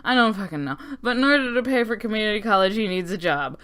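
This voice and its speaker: A woman's voice: medium pitch, expressive, fast talker, fairly bright tone, smooth. A young woman recapping a story timeline in a sarcastic, rambling way with lots of swearing. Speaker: lore recap narrator. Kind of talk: comedic lore recap.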